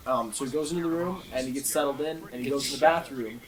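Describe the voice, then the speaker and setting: A man with a mid-pitched voice playing a game, stumbling and restarting as he tells a long joke. Clear crowd noise runs behind him. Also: quick pace, recorded from a distance, poor audio. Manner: meandering, full of fillers and restarts. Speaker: let's play gamer. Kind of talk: rambling joke-telling over gameplay.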